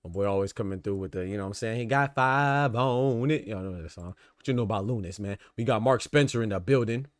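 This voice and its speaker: A man's voice: fairly low pitch, steady tone, quick pace, few pauses, a little mellow, slight background noise. A man hosting a boxing podcast in casual chat, laid-back and slangy, with "man" and "you know what I'm saying" in nearly every line. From American South. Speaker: podcast host.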